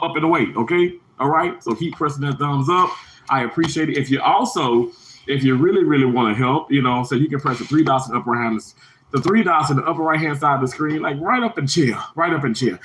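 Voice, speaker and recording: A man in his thirties giving an earnest motivational livestream talk to his viewers, repeating himself and greeting chat in a higher voice. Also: fairly bright tone, slight background noise, poor audio. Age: 30s.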